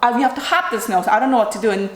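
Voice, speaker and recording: A fairly high-voiced woman in her thirties tells a family story for a vlog, acting the scenes out as she goes. She keeps asking "right?" to pull the listener along. Her voice rings in a roomy, echoing space. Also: very fast. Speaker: mother telling a family story. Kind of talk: storytime vlog, casual retelling. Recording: roomy echoing room sound.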